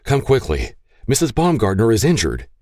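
A man's voice: deep voice, wildly swooping pitch, very slow, darkish tone, breathy edge, no echo, clean studio sound, heavily acted. A man voicing a panicked chauffeur who talks in a frantic rush. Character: panicked blood-covered male chauffeur.

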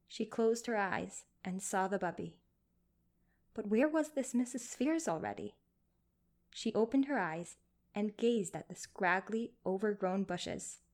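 A woman narrating a story in a measured, gently expressive reading. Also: medium pitch.

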